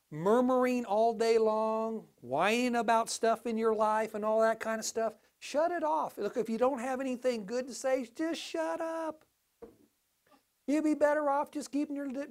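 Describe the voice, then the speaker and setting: High-voiced folksy preacher man. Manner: folksy storytelling with lively swings in loudness. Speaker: pastor. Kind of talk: sermon.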